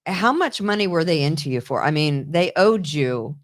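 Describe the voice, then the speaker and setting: A woman's voice: low-pitched, lively intonation, moderate pace. A woman hosting a talk show, prompting her guest with probing questions. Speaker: host.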